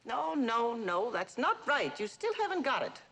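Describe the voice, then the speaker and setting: Commanding old dowager. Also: female voice, on the high side, big pitch swings, normal speed, creaky, fairly bright tone, exaggerated voice. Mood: imperious. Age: older. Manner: domineering, cutting, theatrical. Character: imperious, dying wealthy old mother. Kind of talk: 1960s TV drama acting.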